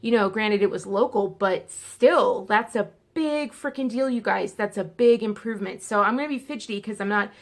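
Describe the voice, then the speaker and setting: A woman vlogging in a candid, chatty way to her viewers, in pain and fidgety as she talks. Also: mid-range voice. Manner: candid, chatty, speeding up and slowing down. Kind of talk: casual chat to camera.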